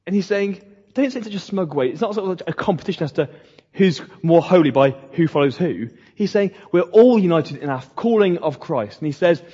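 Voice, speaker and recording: A pastor preaches in a chatty, conversational way, slipping into mocking asides. His voice sits fairly high and a bit husky. The sound is dull and lo-fi, with a long echo from the church hall. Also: sing-song, brisk, mellow. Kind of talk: sermon.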